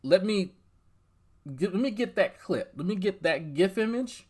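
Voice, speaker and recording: A man's voice: high voice, lively intonation, measured pace, pauses often, darkish tone. A man hosting reaction commentary, swearing and mocking as he talks straight at the person in the clip. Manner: profane, mocking, talks straight at the clip's subject. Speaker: commentary channel host.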